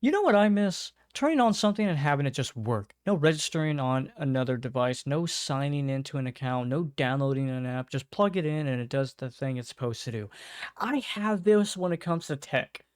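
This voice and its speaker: A man's voice: medium pitch, expressive, fairly quick, clean tone, no room sound. A man casually reacting to memes at his home microphone, swearing freely and chuckling often. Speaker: meme reaction host. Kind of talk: casual meme reaction commentary. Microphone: own desk microphone.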